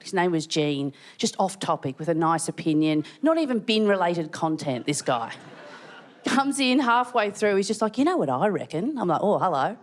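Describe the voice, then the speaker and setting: A woman's voice: medium pitch, a bit bright, slight background noise. A woman with an Australian accent telling stand-up stories, breaking into shrieked acted-out quotes. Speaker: stand-up comedian. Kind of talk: stand-up comedy set. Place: large theatre stage. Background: audience laughter.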